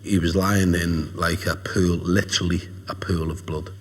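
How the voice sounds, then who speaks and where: A man giving a halting, emotional documentary interview as a witness. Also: low voice, level tone. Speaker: witness, friend of the family.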